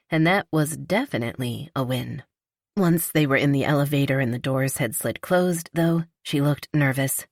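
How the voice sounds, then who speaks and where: A woman narrating a romance audiobook in a calm, even storytelling manner. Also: a bass voice, no echo, clean studio sound. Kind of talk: scripted narration.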